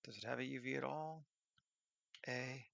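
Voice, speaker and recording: A man's voice: mid-range voice, normal speed, vocal fry, fairly bright tone, dry recording, dull audio. A man working on a 3D scene who thinks aloud, muttering half-finished commands to himself.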